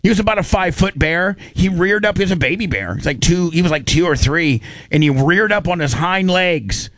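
A man's voice: high-pitched, brisk, no room sound. Dry-sounding man telling rambling stories. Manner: rambling, excitable, with many restarts. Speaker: radio show co-host. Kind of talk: casual storytelling chat.

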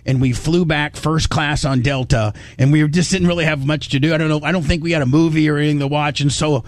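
A man's voice: fairly high pitch, fairly even intonation, fast, no echo. A stammering, reminiscing man host. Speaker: radio show host. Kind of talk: emotional radio phone conversation.

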